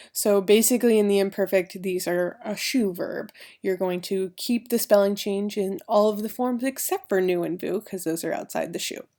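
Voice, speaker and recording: A woman with a slightly gravelly, fry-tinged voice talks through a recorded grammar lesson. She goes step by step, spelling out letters and checking in with her students. Her pitch sits in the middle range. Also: warm tone. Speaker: French teacher.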